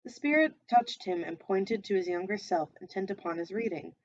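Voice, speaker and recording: A woman reading a classic novel aloud in an even, measured storytelling manner, stopping now and then to comment. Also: mid-range voice, lo-fi sound. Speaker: reader.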